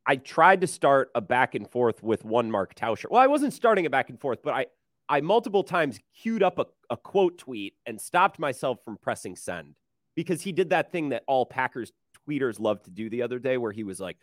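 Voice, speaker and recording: A man from Wisconsin who hosts sports radio, chatting as a podcast guest in an animated, emphatic way with quick asides, recorded close on a mic. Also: medium pitch, no room sound. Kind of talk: casual podcast chat.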